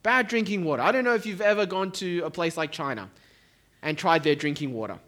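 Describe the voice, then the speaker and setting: A middle-aged man preaching in church, his voice sitting fairly high for a man. He keeps it conversational, with joking asides to the congregation. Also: a little fast, fairly bright tone. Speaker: pastor. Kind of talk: sermon. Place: church hall.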